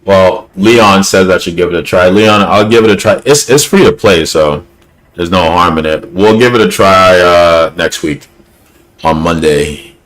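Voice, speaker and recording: A man's voice: low-pitched, a little slow, fairly bright tone, rough recording. A man hosting a live stream, chatting casually with friends, swearing and laughing in loose banter. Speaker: streamer host.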